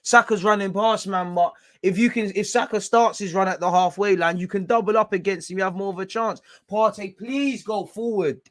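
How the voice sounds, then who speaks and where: A young man streaming a football watchalong, shouting at players and slipping into slang as he grows frustrated. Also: sits high, normal speed, hardly any pauses, no room sound, studio quality. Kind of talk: live match reaction commentary.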